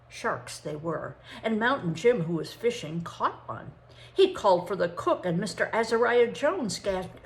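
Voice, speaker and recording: An older woman reads a children's novel aloud, her voice rising and falling with lively expression. A gravelly texture runs under her mid-pitched tone. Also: a little slow. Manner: expressive, animated reading. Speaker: storybook reader.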